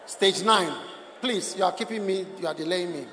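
A man preaching a sermon in a lively, mocking style that rises to shouts. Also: high voice, normal speed, long reverb tail. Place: church service with live congregation. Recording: noisy live church recording with crowd. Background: congregation laughing.

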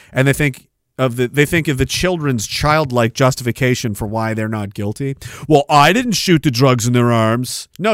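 A man's voice: medium pitch, clean tone, no echo, clean studio sound. A man hosting a podcast, ranting in a casual, profane and sarcastic way and reading out listener comments. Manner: profane, sarcastic, slips into mocking put-on voices. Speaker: podcast host.

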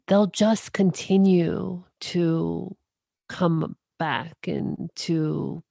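A woman guest on a podcast, giving reflective spiritual talk in a slow, measured, soothing manner. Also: on the low side, gravelly, warm tone, no echo, studio quality.

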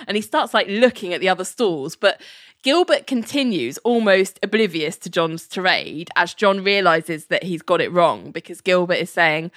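A woman's voice: on the low side, normal speed, dry recording, studio quality. A woman in casual podcast chat, retelling scenes with put-on character voices and frequent laughter. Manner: animated storytelling, acts out characters' lines, laughs often. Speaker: podcast co-host recapping a show.

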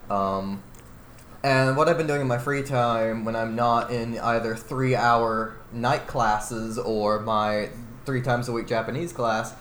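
A man in his twenties co-hosting a podcast, chatting in a relaxed way. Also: medium pitch, slow pace. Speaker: podcast co-host. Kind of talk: casual chat. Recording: roomy echo, faint noise.

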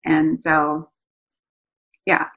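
A woman in her thirties, a guest speaking earnestly and emotionally, halting often with fillers and restarts. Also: deep voice, monotone, gravelly, fairly bright tone. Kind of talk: candid conversational interview.

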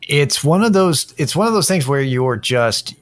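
A man's voice: a little high, lively intonation, normal speed, no echo. A man hosting a casual solo podcast, drained and worn out, rambling in a tired, self-deprecating way. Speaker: podcast host.

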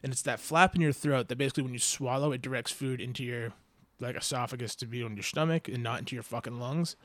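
A man's voice: medium pitch, quick pace, fairly bright tone, no room sound. A young man hosting a podcast, telling a long story casually, with lots of fillers and frequent swearing. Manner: rambling storyteller, swears often, many fillers. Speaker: podcast host. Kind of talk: casual chat.

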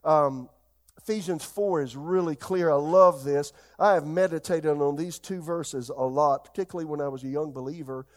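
A middle-aged man preaching a sermon as pastor, swinging between loud emphatic bursts and soft asides. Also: fairly high pitch, normal speed.

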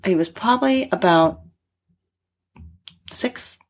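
A middle-aged woman, a therapist and guest, telling family stories in a casual, animated way with frequent laughter. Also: mid-range voice, slow. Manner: animated storyteller, laughs often. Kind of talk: casual conversation.

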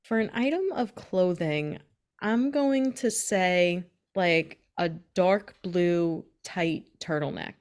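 A woman's voice: on the low side, takes it slowly, a little mellow. Giggly young woman chatting. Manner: giggly, hesitant, laughs between words. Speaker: book podcast co-host. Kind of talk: casual chat.

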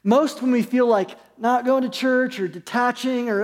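High-voiced man preaching in a reverberant hall. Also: steady tone, moderate pace, hardly any pauses. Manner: earnest, conversational preaching with rhetorical questions. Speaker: pastor. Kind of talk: sermon. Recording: long reverb of a large hall.

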